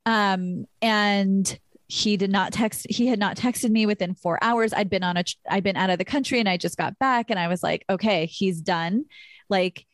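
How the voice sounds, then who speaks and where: A woman's voice: mid-range voice, normal speed, no room sound. Frank, candid woman host, dry close sound. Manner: frank and emotional, swears freely. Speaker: podcast host. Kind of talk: candid conversational interview.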